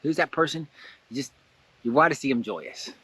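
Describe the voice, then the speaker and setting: A man hosting a casual guided blessing exercise, animated and laughing often, jumping into excited high voices when he quotes someone. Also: moderate pace, slightly rough. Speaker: host guiding a blessing exercise. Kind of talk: casual guided meditation talk.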